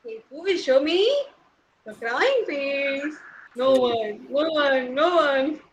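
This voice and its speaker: Bright, high, slow-talking Indian English teacher woman. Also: slight background noise, low-quality recording. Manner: coaxing and playful, asks lots of questions, laughs often. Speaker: nursery teacher. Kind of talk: online class for small children.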